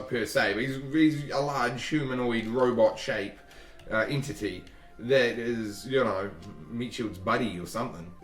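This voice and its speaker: Man narrating a tabletop game, echoey room. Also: mid-range voice. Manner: loose, rambling narration with restarts. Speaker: dungeon master. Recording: echoey room, far from mic.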